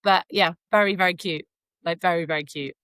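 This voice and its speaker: A woman's voice: on the low side, fairly even intonation, fairly quick, fairly bright tone, clear, resonant tone, dry recording. Woman, casual podcast chat, rambling with fillers, dry close-miked sound. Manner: chatty storyteller, frequent fillers. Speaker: podcast co-host. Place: Canada.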